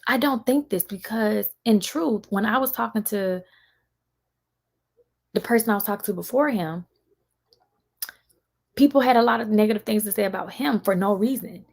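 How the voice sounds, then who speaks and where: Young woman w/ aave on a live stream, bit of vocal fry, casual, animated, mimics folks. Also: medium pitch, moderate pace, pauses often. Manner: animated, mimics others in raised voices. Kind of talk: casual live chat answering viewers.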